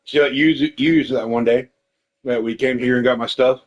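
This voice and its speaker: Man, casual chat, storytelling, mid pitch, swearing. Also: steady tone, brisk, dull audio, a little hiss or hum. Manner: emotional storytelling, swears, quotes others; eating while talking. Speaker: podcast host.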